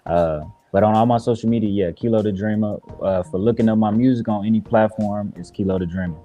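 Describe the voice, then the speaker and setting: A man's voice: fairly low pitch, steady tone, fairly quick, dark tone, soft background music. A man from Chicago, a guest rapper, answering interview questions in an earnest, reflective way with many fillers. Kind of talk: casual interview talk.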